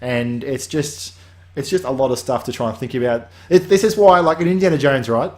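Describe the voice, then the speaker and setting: A man's voice: mid-range voice, fairly quick, darkish tone. A man hosting a weekly game update, talking casually in a rambling way that drifts off on tangents and restarts often.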